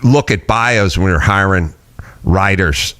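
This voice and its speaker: A man's voice: low-pitched, unhurried, a bit bright. A middle-aged man hosting a casual talk show, ranting bluntly and profanely with mock quotes. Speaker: podcast host. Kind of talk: casual chat.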